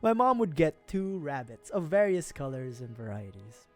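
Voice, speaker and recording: A man's voice: a little high, sing-song, normal speed, a little mellow, soft background music. A man from the Philippines, streaming, telling a story casually, laughing often and swearing freely.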